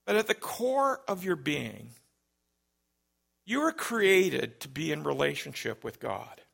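A male pastor giving an Easter sermon, earnest and building to loud calls to the congregation. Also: a little high, vocal fry.

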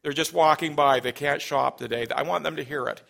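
A male pastor giving an Easter sermon, earnest and building to loud calls to the congregation. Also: a little high, steady tone, brisk, gravelly, a little hiss or hum.

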